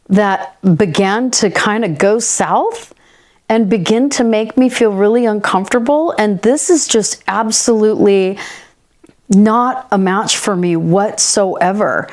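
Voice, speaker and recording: A woman podcast host telling a personal story candidly and in an animated way, acting out the dialogue she quotes. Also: medium pitch.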